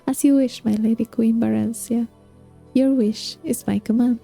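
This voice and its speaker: A woman's voice: a little high, steady tone, moderate pace, gravelly, mellow, breathy edge, faint music behind. Woman reading as a coaxing scheming sorcerer. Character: scheming seductive man, a sorcerer lover. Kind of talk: reading a novel aloud.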